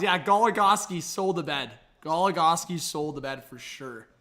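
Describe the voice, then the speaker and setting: A man doing excitable live reaction commentary on a hockey game as a stream host, talking straight to his chat. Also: sits high, normal speed, hardly any pauses. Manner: excitable, hyped, addresses the chat directly.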